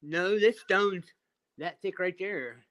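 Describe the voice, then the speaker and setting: A man's voice: high-pitched, takes it slowly, a bit bright, no echo. A man chatting casually on a live video call panel, rambling as he shows off things he built. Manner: rambling, shows off his stonework and builds. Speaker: panel guest.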